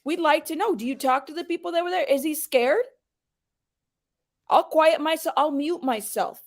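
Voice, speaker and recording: Heated, high-voiced woman livestream host. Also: moderate pace. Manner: heated, confrontational, calls out chat viewers.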